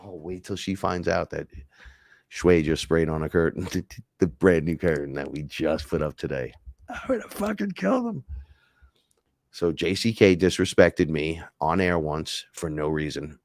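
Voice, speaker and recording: A man's voice: rumbling low, fairly even intonation, normal speed, dry recording, clean studio sound. A man hosting a casual livestream, talking in a heated, rambling, profane way. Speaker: podcast host.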